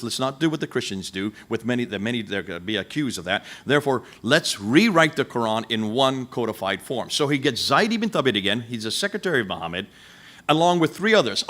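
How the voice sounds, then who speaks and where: A man's voice: mid-range voice, fairly bright tone. Guy lecturing a room, voice swoops up and down a lot, keeps firing questions at the crowd. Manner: emphatic, full of rhetorical questions; speaks directly to listeners in the room. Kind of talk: lecture to a live audience.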